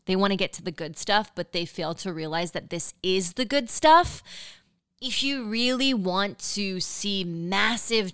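A woman's voice: medium pitch, fairly bright tone, smooth, dry recording. Chatty upbeat woman podcaster, dry close sound. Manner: chatty and upbeat, filler-heavy, with valley-girl cadence. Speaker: podcast host. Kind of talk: casual solo podcast monologue.

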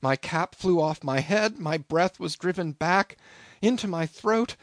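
A shaken young sailor, read by a man, talks low and hushed, as if still stunned. The pitch still rises and falls widely under the quiet. The sound is dry and close. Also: measured pace, no echo. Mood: hushed, haunted. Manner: quiet, flat, low-voiced telling. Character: shaken young male sailor, hollow and haunted.

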